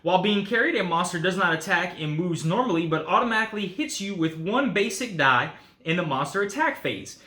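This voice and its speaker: A man's voice: sits high, bright, forceful tone, echoey room. A man hosting a board game channel, chatting casually through a solo playthrough at a game table and often saying guys and uh.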